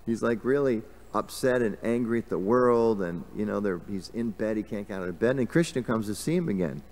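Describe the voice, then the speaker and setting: A man's voice: lowish voice, animated, brisk, a little mellow. A man giving a casual scripture class in a temple, talking conversationally with lots of fillers and questions to the audience. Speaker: class speaker. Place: temple hall.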